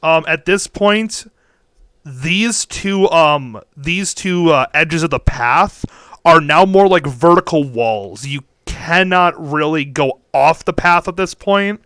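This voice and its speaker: A man's voice: fairly high pitch, animated, takes it slowly, fairly bright tone, clean tone, dry recording, studio quality. A young man narrating as game master over a voice call, rambling with fillers and restarts. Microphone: headset or desk mic on a voice call.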